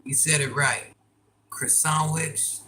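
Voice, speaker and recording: Slow, bright-voiced older woman chatting live. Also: low voice, fairly even intonation, a little hiss or hum, poor audio. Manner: chatty, laughing, bursts of loud exclamation. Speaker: livestreamer. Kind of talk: casual live-stream chat.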